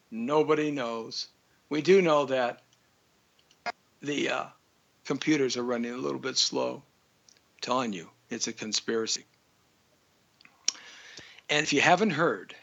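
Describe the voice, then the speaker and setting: A man's voice: fairly high pitch, sharp tone, dull audio. A man hosting a live talk show, ranting in a frustrated monologue.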